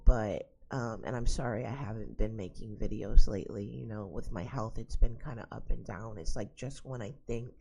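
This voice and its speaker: A woman's voice: extremely low pitch, dark tone, husky. A woman vlogging at home, chatting casually to camera and telling exasperated stories full of asides. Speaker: psychic vlogger. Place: at home indoors.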